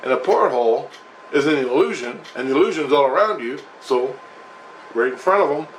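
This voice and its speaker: A man's voice: mid-range voice, animated, fairly quick, slight background noise, poor audio. A man telling a personal story in a rambling, profane, emphatic monologue.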